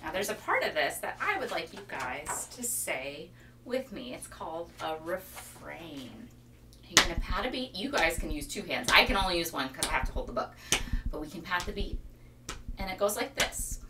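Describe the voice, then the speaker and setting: A woman leading a children's library storytime, talking in an animated sing-song way and imitating animal sounds for the kids. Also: on the low side, moderate pace, very noisy.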